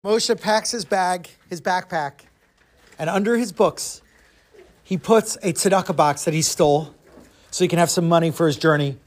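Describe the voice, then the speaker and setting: A man telling a story to a group of children, expressive, with dramatic pauses. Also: sits high.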